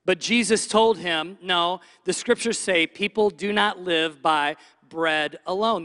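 A pastor preaching a Sunday sermon with animated delivery, acting out doubting inner voices. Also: male voice, sits high, big-room sound. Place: church stage.

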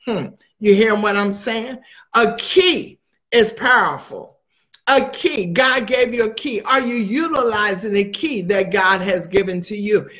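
Preacher: man with a very high voice, emphatic, drives points home by repeating them. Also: unhurried, bright, forceful tone. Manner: emphatic, repeats phrases for stress. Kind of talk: sermon.

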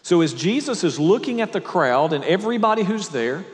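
A man's voice: high voice, big pitch swings, brisk. A man preaches a sermon in a slightly raised voice, explaining a scripture passage verse by verse. He breaks in with casual asides to his listeners. His voice carries a long reverb from a large hall. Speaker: pastor.

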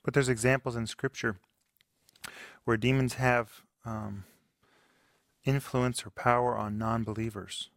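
A man's voice: mid-range voice, flat delivery, unhurried, pauses often, fairly bright tone, no echo, clean studio sound. A man co-hosting a talk show, reading out viewer questions and adding points in a plain, slightly tentative way.

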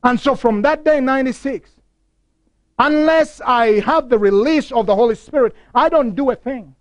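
A man's voice: extremely high pitch, normal speed, no echo. A man preaching a broadcast sermon, telling stories with passion and repeating key phrases. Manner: impassioned storytelling with repeated phrases.

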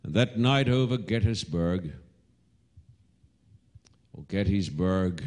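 Slow, dramatic male preacher. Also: lowish voice, warm tone. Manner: slow dramatic storytelling, rising to cries in quoted calls. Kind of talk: sermon.

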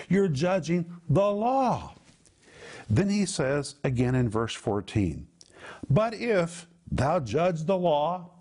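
A man teaching a sermon on scripture, emphatic and deliberate, dropping to low hushed tones to stress key words. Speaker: Bible teacher.

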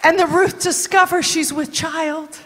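A woman preacher giving a dramatic sermon that rises to shouts. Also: extremely high pitch, steady tone, measured pace, some chatter behind, slight background noise. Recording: long reverb in a large hall.

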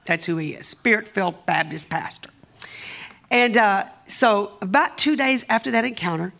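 A woman with a Southern US accent, a guest preacher delivering an impassioned sermon in a church, urging the congregation and building to shouts. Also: medium pitch, expressive, normal speed, creaky. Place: church sanctuary.

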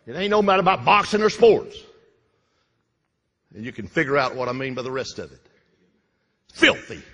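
A man preaching a fervent sermon in a church sanctuary, his voice husky and bright, swinging widely in pitch. The sound carries the long reverb of the hall as he repeats lines and swings between loud bursts and hushed asides. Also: big pitch swings, brisk, highs cut off. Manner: fervent, repetitive, with sudden loud bursts and drops. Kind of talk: Pentecostal-style sermon.

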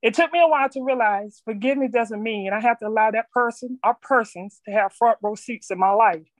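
A middle-aged woman with a fairly high voice reads her own written reflection aloud, earnest and measured. She stumbles over a word now and then. The sound is dry and close, with almost no room in it. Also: no room sound. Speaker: speaker sharing her story. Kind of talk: reading a personal reflection aloud.

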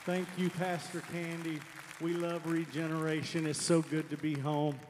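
A man's voice: a little high, little pitch movement, moderate pace, a crowd in the background, background noise. A man leading worship, speaking earnest prayers to the congregation. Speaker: worship leader. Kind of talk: leading worship over music. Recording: reverberant church hall with music behind.

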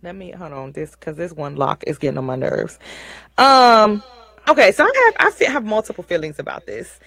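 A woman's voice: on the low side, big pitch swings, moderate pace, vocal fry, fairly bright tone, dry recording, poor audio. Woman host, casual livestream, folksy slang, repeats points, close dry mic.

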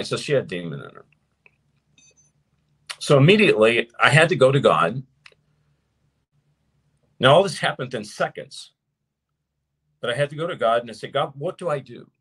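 A man preaching and teaching to his viewers as host of his show, emphatic, slowing down to stress points. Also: medium pitch, husky. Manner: animated and emphatic, slows down to stress key points. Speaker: preacher hosting a live show. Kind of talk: sermon-style teaching to a live audience.

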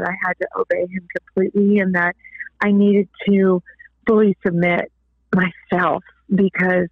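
A woman's voice: lowish voice, no room sound. A woman giving an earnest personal faith testimony as a guest author, heard over a phone line. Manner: earnest, tearful at times.

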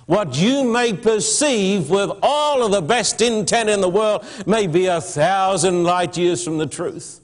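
A man's voice: sits high, lively intonation, unhurried, hardly any pauses. A male pastor, giving a sermon and appealing directly to his listeners.

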